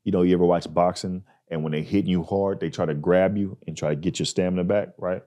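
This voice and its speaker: A man hosting a podcast, telling a story in a casual, animated way and acting out the people in it. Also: sits low, quick pace. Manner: animated, acts out people in his stories. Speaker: podcast host.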